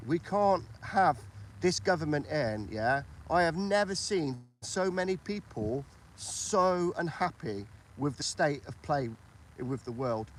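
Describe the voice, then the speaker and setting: A British man talking politics off the cuff on his livestream, his voice sitting a little high for a man. He circles back over his points and keeps checking that the listener agrees. A faint hum of noise runs under the recording. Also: animated, slow. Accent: British English. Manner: chatty, repeats himself, asks for agreement. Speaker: livestream host. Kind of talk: casual political chat.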